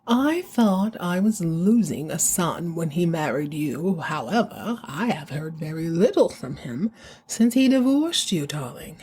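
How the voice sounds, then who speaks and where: A woman's voice: low voice, big pitch swings, measured pace, a little mellow. A woman voicing a genteel older mother-in-law in a mid-Atlantic accent, drawling and sweetly condescending. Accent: mid-Atlantic (put on). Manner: drawling "darling", airy and reassuring.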